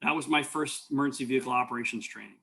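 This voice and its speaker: Here the same kind of lecture unfolds: a male EMT instructor spins meandering anecdotes, tripping over restarts and filler words. He speaks in rapid-fire bursts at a medium pitch, his voice creaky and slightly bright.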